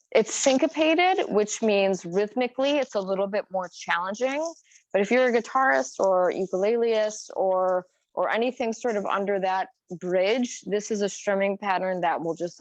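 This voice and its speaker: A woman's voice: mid-range voice, normal speed, no room sound. A woman giving a casual guitar lesson who thinks aloud, with plenty of fillers as she explains. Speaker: guitar teacher. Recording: slightly dull recording with guitar. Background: her own guitar playing.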